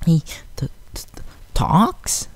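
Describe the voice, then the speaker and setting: A man's voice: fairly high pitch, animated, slow pace, darkish tone, voice pushed up. Man voicing a giggly little filly. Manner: stammering and giggly. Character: small sweet giggly young filly.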